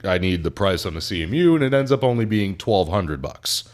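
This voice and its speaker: A young man, a podcast co-host, casually telling a story about a customer at his car shop. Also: fairly quick. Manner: animated, acts out customer in high voice.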